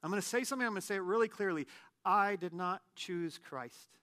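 A man in his late thirties, a pastor giving a conversational sermon with animated, self-deprecating humor. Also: high voice, brisk. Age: late 30s.

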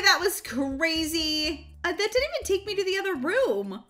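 A woman's voice: very high voice, very animated, normal speed, few pauses, bright, forceful tone, soft background music. A woman, a mother in her thirties, giving bubbly commentary on a game she plays, with squeals and sound effects. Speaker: gaming channel host. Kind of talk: excited Roblox gameplay commentary.

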